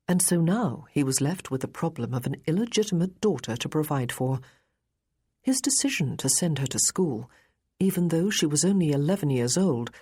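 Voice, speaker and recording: A woman narrating a period romance novel in a measured, even storytelling manner. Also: deep voice, slightly rough. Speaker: audiobook narrator.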